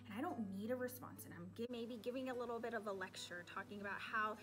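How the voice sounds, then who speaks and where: A woman's voice: on the high side, fast talker. A young woman, a sixth-grade teacher, talking casually to camera with advice and acting out her students' voices. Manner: animated, acts out her students' voices, drops into asides.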